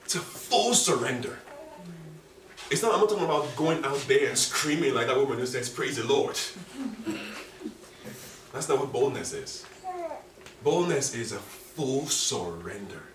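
A man preaching a sermon with passion, rising to high, emotional pleas. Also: lively intonation, moderate pace, slight background noise. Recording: echoey room from a distance.

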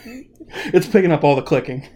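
A man's voice: on the high side, sing-song, normal speed, mellow, a little hiss or hum. A man hosting a casual podcast, joking and rambling with fillers. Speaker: podcast host.

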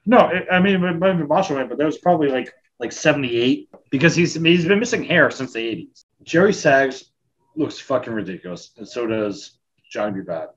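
A man's voice: mid-range voice, animated, brisk, dull audio. A man co-hosting a podcast, chatting casually and trading crude jokes. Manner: crude, joking banter. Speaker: podcast co-host. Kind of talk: casual chat.

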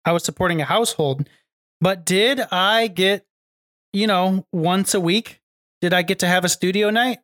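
A middle-aged man offers advice in casual talk, recorded dry and close. He is measured and steady, and he poses questions and then answers them himself. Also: sits high, dry recording. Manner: measured, advice-giving, asks and answers his own questions. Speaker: podcast co-host. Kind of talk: casual chat.

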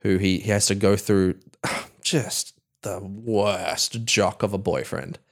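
A man in casual improvised comedy chat, eagerly building on the bit with quick additions. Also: on the low side, steady tone, vocal fry.

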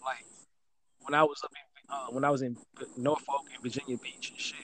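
A man chatting casually about rap and regional style, musing in a loose, drawn-out way and often asking "you know what I'm saying". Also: mid-range voice, level tone, fairly bright tone, a little hiss or hum.

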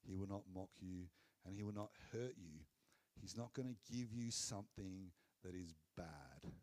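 A man preaching a sermon in an earnest, conversational way, dropping low and soft on key phrases. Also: moderate pace.

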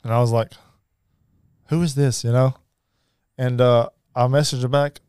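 A man telling his life story as a podcast guest, halting, with many fillers and restarts. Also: medium pitch, level tone, darkish tone, smooth, no echo, clean studio sound. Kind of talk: personal storytelling.

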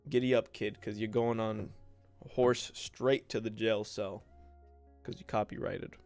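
A man's voice: on the low side, flat delivery, measured pace, a little mellow, faint music behind. A young man hosting his own podcast, telling childhood stories in a loose, joking way, calling the listener bro and mimicking the people in his stories. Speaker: podcast host and content creator. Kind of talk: casual solo podcast storytelling.

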